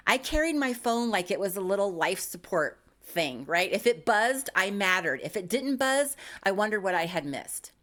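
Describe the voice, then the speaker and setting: A woman in her fifties delivers a scripted comedic monologue in a middle-pitched voice. She is wry and self-mocking, landing dry punchlines about her own habits. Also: very animated, normal speed, hardly any pauses, fairly bright tone. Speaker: YouTube creator.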